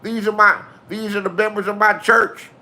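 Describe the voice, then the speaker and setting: A raised, piercing voice as a man puts on a flamboyant middle-aged gunman, cursing and threatening. It is bright and pushed hard, with every line thrown out in anger. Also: high-pitched, fairly even intonation, moderate pace, voice pushed up. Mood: furious. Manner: profane, shouting threats. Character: loud flamboyant furious middle-aged man waving a gun.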